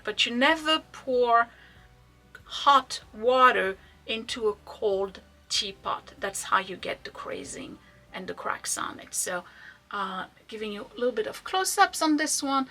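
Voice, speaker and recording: A woman with a bright, crisp voice shows off vintage pieces from her shop in a chatty, enthusiastic way. She talks casually and now and then drops into soft asides. Faint music plays behind her. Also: a little high, lively intonation, measured pace. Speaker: online vintage shop owner. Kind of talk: casual product showcase.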